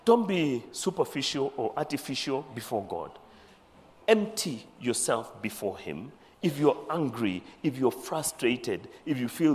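A man preaching a sermon as a bishop, animated, acting out the voices of scripture figures and dropping into Swahili phrases. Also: medium pitch. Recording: long hall reverb.

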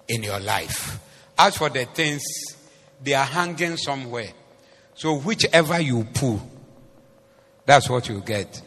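A man preaching a sermon as the pastor. He switches between English and Twi phrases and swings from soft asides to loud, emphatic preaching. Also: mid-range voice, husky. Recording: long hall reverb with faint noise.

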